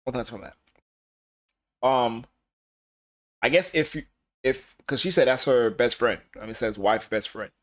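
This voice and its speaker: A man co-hosting a podcast, chatting casually and acting out quotes in animated bursts. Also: mid-range voice, moderate pace, long pauses. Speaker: podcast co-host.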